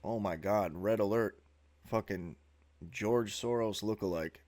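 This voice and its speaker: A man's voice: fairly low pitch, measured pace, darkish tone. A man giving a sneering, profane monologue while narrating a slideshow as a video host.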